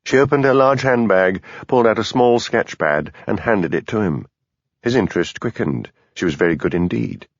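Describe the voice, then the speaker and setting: Brief: low-voiced male narrator, animated mystery reading, dry muffled studio sound. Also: moderate pace, no echo. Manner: lively, expressive reading. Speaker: audiobook narrator. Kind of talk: scripted narration.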